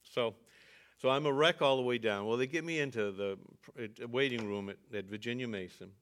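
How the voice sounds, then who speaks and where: An older man, a pastor, telling a personal story in an earnest sermon with halting restarts. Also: medium pitch, fairly bright tone.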